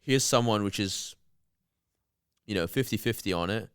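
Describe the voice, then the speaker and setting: Low-voiced man telling a story on a podcast. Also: normal speed, clear, resonant tone, dry recording, studio quality. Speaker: podcast co-host. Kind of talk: casual chat.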